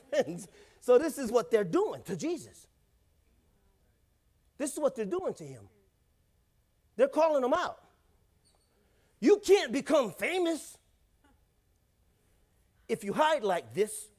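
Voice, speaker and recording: A man's voice: sits high, a little mellow. A male pastor preaching a sermon in church, in a casual, joking way, often calling out to the congregation.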